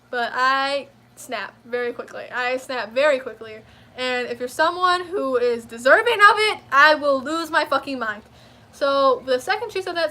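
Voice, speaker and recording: A young woman telling a profane, animated story in a casual storytime rant. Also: high voice. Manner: profane, animated, quick to flare up. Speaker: vlogger.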